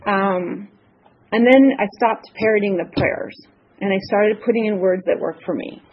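Nervous woman sharing her recovery story. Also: mid-range voice. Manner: earnest, halting, many ums and restarts. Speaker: recovery meeting speaker. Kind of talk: personal testimony share. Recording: slightly dull lo-fi audio, faint noise.

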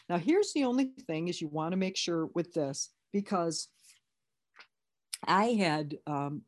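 A woman's voice: low-pitched, a little mellow. A woman leading an online recovery workshop, talking candidly and conversationally with many restarts.

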